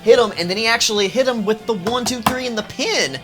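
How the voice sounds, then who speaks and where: A man hosting a casual wrestling recap, profane and animated, laughing often and mimicking wrestlers in quick bursts. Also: extremely high pitch, music in the background. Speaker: wrestling review host.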